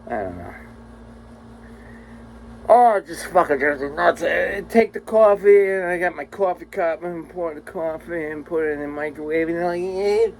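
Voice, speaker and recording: A man with a slightly high, animated voice vlogs a rambling, exasperated rant to his viewers at a moderate pace, swearing constantly and sounding crude. The audio quality is poor.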